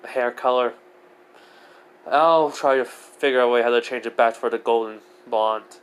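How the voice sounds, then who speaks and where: A man's voice: medium pitch, fairly even intonation, normal speed, clean tone, low-quality recording. A man casually narrating a fan fiction story, rambling with lots of fillers and self-corrections.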